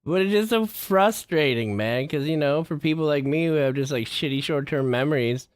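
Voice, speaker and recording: A man's voice: a little high, lively intonation, normal speed, clear, resonant tone, dry recording. A man vlogging in a casual, rambling monologue, swearing freely and getting worked up as he talks. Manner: profane, rambling, gets worked up.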